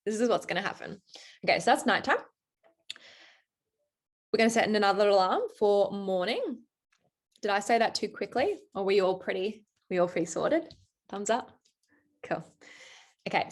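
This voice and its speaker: Brief: young woman, team coach on a video call, chatty motivational energy, mid-pitched voice. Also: lively intonation, brisk. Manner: upbeat, chatty, motivational, reads affirmations aloud. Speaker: team coach leading a recruiting session. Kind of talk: live online coaching session.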